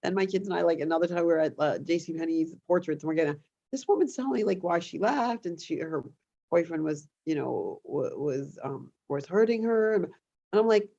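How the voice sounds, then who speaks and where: Woman, co-host, casual chat, rambling storyteller, animated asides, muffled lo-fi sound. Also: sits low, a little fast, vocal fry.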